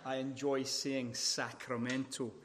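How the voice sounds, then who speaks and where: A middle-aged Scottish pastor from Scotland preaching a sermon at a women's conference, speaking deliberately and with good humor. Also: male voice, mid-range voice, level tone, noisy background. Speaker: visiting pastor.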